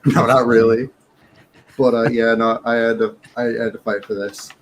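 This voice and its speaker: A man chatting on a livestream in a jokey, animated way, telling stories and cracking jokes. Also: mid-range voice, moderate pace, slight background noise, poor audio. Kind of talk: casual livestream chat.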